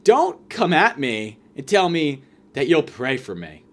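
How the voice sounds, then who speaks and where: A young man hosting a podcast, ranting through a funny story with a lot of sarcasm and swearing. His voice sits a little high for a man. It swings widely up and down as he gets worked up. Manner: animated, profane, sarcastic storytelling with quick asides. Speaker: podcast host. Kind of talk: comedic storytelling rant.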